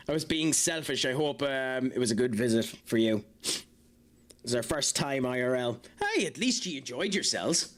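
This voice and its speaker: With a slightly high voice that's clear and resonant in tone, an Irish-accented man streams a video game live. He fills the gaps between fights with chatty jokes for viewers and plenty of fillers, as game music plays underneath.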